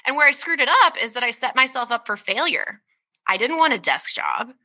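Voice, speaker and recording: A woman in her thirties, talking candidly as an interview guest, lively and laughing often, with lots of "like" and "right?". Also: fairly high pitch, a little fast. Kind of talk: conversational interview talk.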